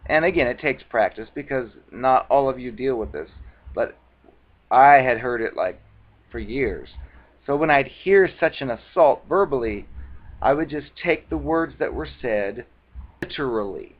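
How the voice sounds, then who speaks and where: An advice vlogger with a medium-pitched voice talks a little slowly and animatedly in a casual talking-head monologue. He speaks conversationally, acting out the retorts he quotes, and the recording is dull and lo-fi.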